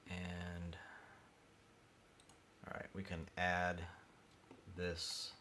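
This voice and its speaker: A man livestreaming his CAD design work, thinking aloud in a mumbly way that drifts quieter as he concentrates. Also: sits low, monotone, extremely slow, slight background noise.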